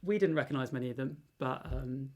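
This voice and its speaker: A woman with a low voice co-hosts a relaxed quiz. She reads the answers in a deliberate, measured way. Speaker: quiz co-host. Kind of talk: casual quiz answer readout.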